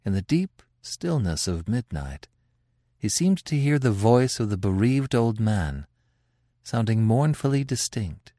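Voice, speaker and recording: A man hosting a podcast, narrating a classic tale in a dramatic, expressive reading with swelling emphasis. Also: lowish voice, unhurried, no room sound.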